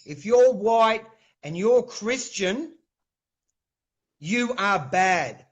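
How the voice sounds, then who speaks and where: A man's voice: high-pitched, lively intonation, very slow. A man from New Zealand with a New Zealand accent, a guest on a video call, talking earnestly and often saying mate. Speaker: livestream guest. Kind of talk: casual call-in chat. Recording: dull lo-fi video call audio.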